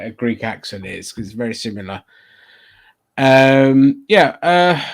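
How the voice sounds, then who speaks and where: Podcast host guy, average voice, swears a lot, blunt ranting about stuff. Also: mid-range voice. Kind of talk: casual chat.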